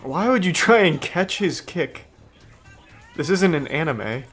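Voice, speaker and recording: A man's voice: on the high side, lively intonation, measured pace, fairly bright tone, breathy edge, faint music behind. A man streaming, making dry, sardonic remarks as he watches videos. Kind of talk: casual stream commentary.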